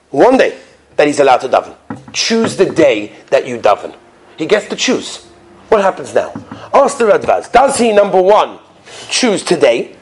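A man preaching a sermon, telling stories in an animated way and chuckling often. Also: high voice. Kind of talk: sermon with storytelling.

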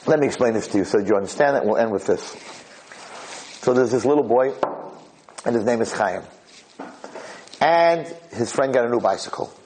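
A man, a rabbi lecturer, giving a sermon through an animated, dramatic story told with quick restarts. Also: medium pitch, slight background noise, rough recording.

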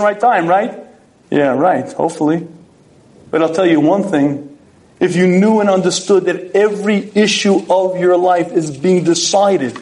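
Animated middle-aged rabbi, higher voice. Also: male voice. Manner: animated storyteller who acts out quoted voices and often clears his throat. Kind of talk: sermon with stories.

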